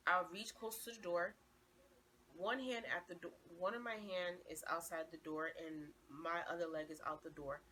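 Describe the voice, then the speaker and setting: A woman's voice: on the low side, fairly even intonation, moderate pace, pushed and bright, a little hiss or hum. A woman sharing a personal testimony as a vlogger, speaking in a casual, slangy, conversational way. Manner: slangy, conversational, frequent "I'm like" quotations. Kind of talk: casual spoken storytelling.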